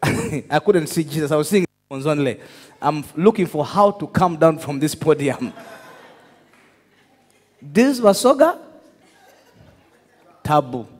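A man preaching a sermon, telling stories with laughter and shouting out to his congregation. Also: a little high, moderate pace. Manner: animated storytelling, laughs, shouts to the crowd. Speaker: pastor. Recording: echoey hall with long reverb.

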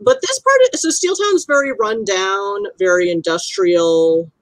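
A woman's voice: mid-range voice, expressive, measured pace, no echo, poor audio. A woman narrating a tabletop role-playing game as game master, chatty and descriptive with many fillers.

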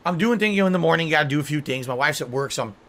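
A man's voice: fairly high pitch, lively intonation, very fast, fairly bright tone, slight background noise. A man telling a rambling, repetitive story in a self-pitying way, played back from a clip.

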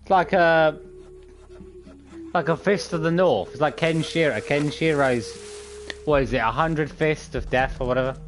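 A man's voice: a little high, unhurried, long pauses, soft background music. A young man chatting casually while playing a game, rambling and playful. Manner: rambling, playful, hums and does silly sound bits. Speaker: gaming streamer. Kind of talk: casual gameplay commentary.

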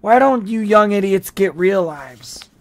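An audiobook reader voicing a gruff, suspicious male police sergeant who growls his questions. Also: mid-range voice, animated, a little slow.

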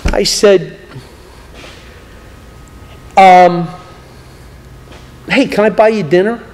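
Male evangelist, higher-pitched, lively preacher who voices both sides of his stories, recorded in a reverberant hall. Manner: animated, acts out both sides of conversations. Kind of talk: sermon storytelling. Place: church hall. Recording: long church hall reverb.

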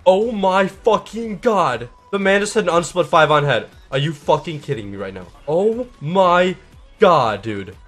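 A man giving live, profane gameplay commentary, mostly laid-back and mumbling, bursting into shouts at big plays. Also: fairly high pitch, big pitch swings, normal speed, soft background music. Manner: profane, swears constantly. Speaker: gaming channel host.

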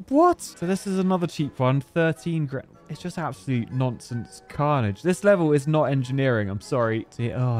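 A man giving excitable gameplay commentary, talking to himself and swinging between muttering and sudden yelps. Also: mid-range voice. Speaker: game commentator.

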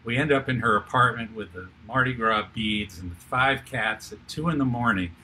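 An older man, a television producer and author, telling an animated anecdote as an interview guest, with frequent restarts. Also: mid-range voice, normal speed, slight background noise. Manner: lively storyteller with restarts.

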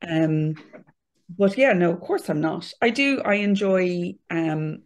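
A candid Irish woman speaks as a podcast guest, laughing easily and talking openly. Her voice is lowish and noticeably gravelly, with a lot of vocal fry. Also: expressive, slow. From Ireland. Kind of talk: casual interview chat.

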